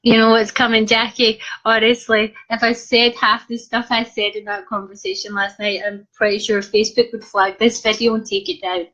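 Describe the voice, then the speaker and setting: A woman's voice: fairly high pitch, level tone, normal speed, hardly any pauses, bright, forceful tone. Giggly Scottish woman telling a story. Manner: giggly, cheeky, frequently breaking into laughter. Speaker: vlogger. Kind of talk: casual storytelling to viewers. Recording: dull lo-fi sound.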